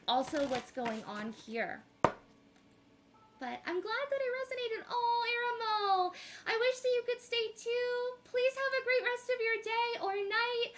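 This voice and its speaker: A woman's voice: very high voice, a bit bright. A woman giving tarot readings on a casual livestream, gushing and affectionate as she greets viewers. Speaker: tarot reader streaming live.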